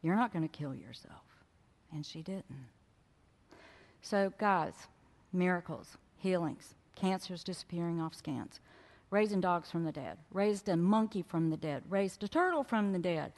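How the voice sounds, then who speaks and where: A woman speaker with a low voice tells frank, animated stories from a stage and talks straight to the crowd. Her voice carries a long reverb from a big lecture hall. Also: unhurried. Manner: frank, animated storyteller who addresses the audience directly. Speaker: spiritual speaker. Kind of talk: storytelling presentation to a live audience. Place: lecture hall at a fellowship event.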